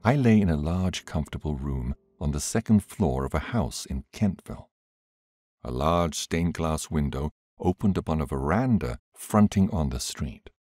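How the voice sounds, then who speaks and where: A man reading an audiobook aloud in a measured, expressive way. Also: a bass voice, dry recording, clean studio sound. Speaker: audiobook reader. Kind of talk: scripted audiobook narration.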